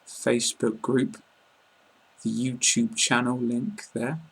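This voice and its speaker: A man with a southern English received-pronunciation accent, explaining pronunciation in an online lesson, calm and plain, pausing often with fillers. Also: medium pitch, creaky, husky. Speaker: English teacher.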